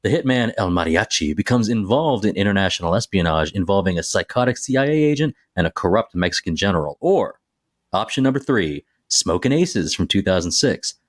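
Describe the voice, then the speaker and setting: A man's voice: low voice, big pitch swings, a little fast, no room sound, clean studio sound. A man co-hosting a movie podcast, chatting casually and reading out film picks with enthusiasm. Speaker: podcast co-host.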